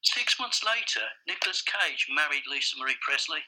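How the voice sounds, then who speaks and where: A man in a casual interview, a blunt and animated storyteller who swears freely. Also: on the high side, brisk, rough recording. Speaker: advertising director, guest.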